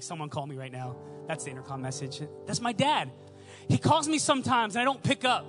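Young male preacher, very high voice, emphatic repeated phrases, storytelling, faint music behind. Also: pushed and bright. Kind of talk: sermon.

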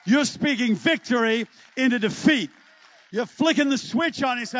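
A man preaching a sermon in an animated, joking way, breaking into shouts. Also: extremely high pitch, normal speed, no room sound, dull audio. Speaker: pastor.

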